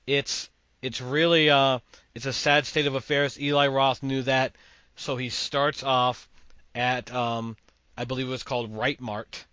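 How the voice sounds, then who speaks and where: A man's voice: medium pitch, level tone, unhurried, pushed and bright, clear, resonant tone, no echo, dull audio. A man from Massachusetts hosting a podcast, giving opinionated, rambling movie takes. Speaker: podcast host. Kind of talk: casual movie chat.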